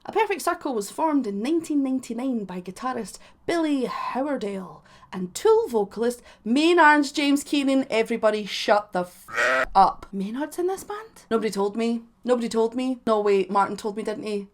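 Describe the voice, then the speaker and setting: A woman hosting a music reaction vlog, talking casually in a playful, self-mocking way with sudden loud bursts. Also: a little high, very animated, normal speed.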